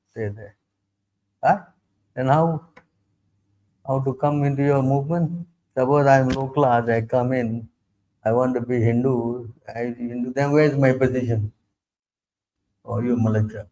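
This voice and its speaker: A man, a spiritual teacher giving an informal religious talk. He speaks emphatically, keeps asking whether listeners understand, and acts out other people in a lowered voice. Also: mellow, rough recording. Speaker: spiritual teacher answering questions.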